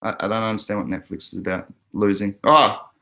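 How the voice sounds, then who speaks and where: A man's voice: fairly low pitch, steady tone, fairly quick, creaky, bright, forceful tone. An Australian man hosting a casual crypto livestream, chatting loosely and laughing often as he reads out viewer comments. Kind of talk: casual live chat reading comments.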